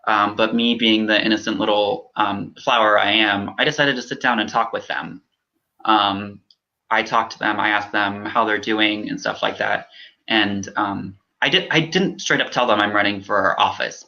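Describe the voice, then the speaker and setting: A young man, a political candidate, speaking earnestly in an interview, with many halting ums. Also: on the low side, steady tone, vocal fry, pushed and bright, highs cut off. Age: young adult. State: choked up.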